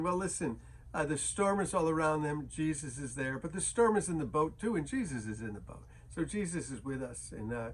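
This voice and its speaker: A man's voice: a little high, expressive, normal speed. A man teaching a daily Bible chapter as a pastor, casual and conversational, with frequent fillers and restarts.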